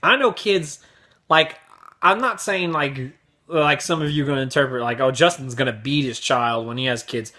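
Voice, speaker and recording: A man's voice: a little high, pushed and bright. A young man hosting his vlog, telling crude, exaggerated stories in a brash comedic rant. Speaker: vlog host.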